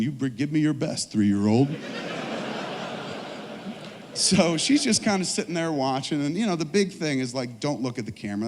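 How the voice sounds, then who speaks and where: A man's voice: medium pitch, long reverb tail. A man in his forties on a trade show stage, telling long, profane, rambling stories to a live audience. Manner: profane, animated, rambling anecdotes. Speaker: filmmaker guest speaker.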